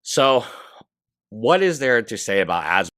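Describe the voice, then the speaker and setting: A man commentating a video, halting, with many fillers. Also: mid-range voice, big pitch swings, fairly bright tone, dry recording, clean studio sound. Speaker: commentator in a played clip.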